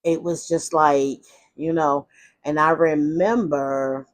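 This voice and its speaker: A woman's voice: sits low, fairly even intonation, slow. Woman, vlogger, candid storytelling, rambling, frank, self-correcting. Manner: rambling and frank, with many restarts and asides. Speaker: vlogger telling her life story.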